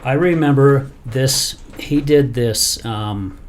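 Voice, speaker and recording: Man telling a story with lively energy. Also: medium pitch, takes it slowly, slight background noise. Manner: animated storyteller, acts out quoted lines. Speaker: podcast host. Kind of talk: casual chat.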